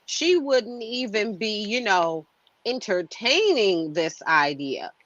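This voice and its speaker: Slow-talking emphatic woman co-host. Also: medium pitch, big pitch swings, a bit bright, no room sound, muffled recording. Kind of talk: casual chat.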